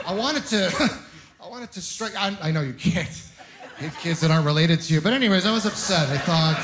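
Exasperated high-voiced stand-up comic. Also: male voice. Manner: exasperated, incredulous delivery with quick asides. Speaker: stand-up comedian. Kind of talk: stand-up comedy set.

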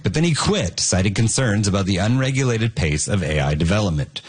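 A man's voice: on the low side, animated, fairly quick, slightly rough. A man hosting a comedy panel quiz, reading out headlines and laughing along with the jokes. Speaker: quiz show host.

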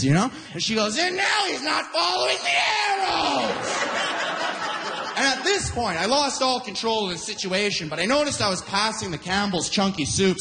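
A stand-up comedian from Canada works through a rambling story on a handheld mic. His voice sits a little high for a man, and he jumps into shouted character voices as he goes. A faint hiss of noise sits under the recording.

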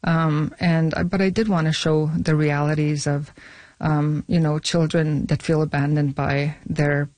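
Halting, laughing middle-aged woman guest. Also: sits low, little pitch movement, darkish tone, no room sound. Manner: halting, many fillers and restarts, laughs often. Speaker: film director and actor, guest. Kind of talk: casual interview conversation.

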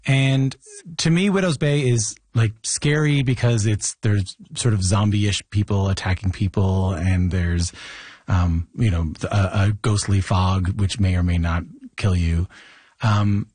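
A man's voice: on the low side, a little slow, a little mellow, husky, dry recording. A man hosting an interview, asking long, rambling, hedging questions. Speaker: interviewer host. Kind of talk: interview conversation.

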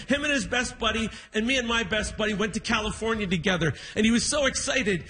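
A male stand-up comic with a high, bright voice works through a story on a theatre stage. He talks in an animated way and slips into his father's grumbling. Faint room sound hangs behind him. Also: quick pace, hardly any pauses, slight background noise, rough recording. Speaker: stand-up comedian. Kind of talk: stand-up comedy set.

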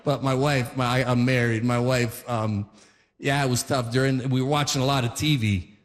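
A man telling stand-up stories in an animated way, full of fillers and acted-out voices. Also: mid-range voice, moderate pace, long reverb tail. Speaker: stand-up comedian. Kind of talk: stand-up comedy storytelling.

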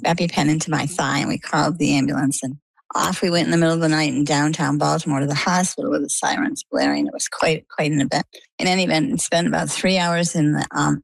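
An older woman from Maine, a guest telling her own story in a chatty, lively way. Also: sits low, creaky, no echo. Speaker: interview guest. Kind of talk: casual storytelling.

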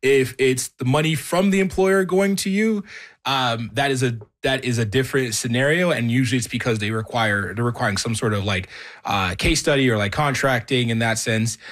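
Male panel guest, mid-pitched, filler-heavy, pushing hard for his point. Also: normal speed, fairly bright tone. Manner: heated, many fillers, rising to emphatic. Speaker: jobs and recruiting guest. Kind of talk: radio panel discussion.

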